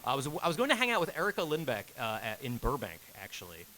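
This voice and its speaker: Here a fast-talking game director in his thirties spins a long personal tale for a live convention panel, his pitch swooping wildly. Bright and forward all the way, he acts out quotes with sudden pitch jumps and laughs through his words. It's a rough recording with a faint underlying hiss.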